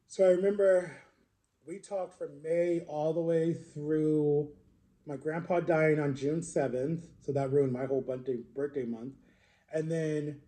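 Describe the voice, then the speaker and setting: Rambling man telling a story, mellow tone. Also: a little high. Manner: rambling, conversational, lots of fillers and restarts. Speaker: social media creator. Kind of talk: casual storytime monologue.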